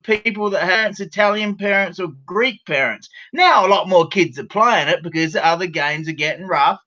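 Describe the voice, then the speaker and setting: An Australian man with a high, bright voice talks sports bluntly, tossing "mate" into nearly every sentence. His voice comes through a dull, lo-fi line. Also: normal speed. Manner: blunt, laughs, says "mate" a lot. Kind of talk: casual sports chat.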